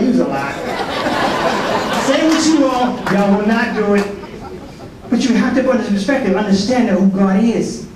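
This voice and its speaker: A man's voice: high-pitched, animated, normal speed, long pauses, a crowd in the background. A man giving a folksy, preacherly talk at a prayer breakfast, joking with the audience and acting out quoted voices. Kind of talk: sermon. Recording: echoey hall from far off, faint noise.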